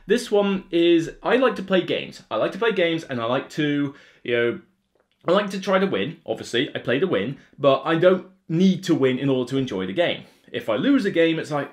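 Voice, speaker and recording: A board game video host with a Somerset accent, from England, speaks fairly quickly in a voice on the high side. Talking casually to camera, he launches into animated rants heavy on fillers.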